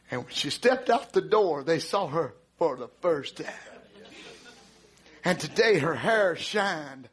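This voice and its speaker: A male preacher delivering a sermon through dramatic storytelling, with repeated refrains and calls to the congregation that build to shouts. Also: fairly high pitch, animated, slow pace, husky.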